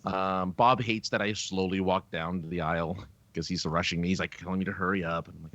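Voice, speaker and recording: A man co-hosting a podcast in casual chat, animated and laughing often, with lots of fillers. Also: low-pitched, fairly quick, no echo, dull audio. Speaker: podcast co-host.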